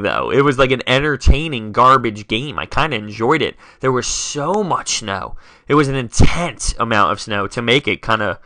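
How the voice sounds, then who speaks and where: A man's voice: medium pitch, sharp tone, dry recording. A young man hosting a solo sports talk podcast, dramatic and self-mocking as he rattles off scores. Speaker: podcast host.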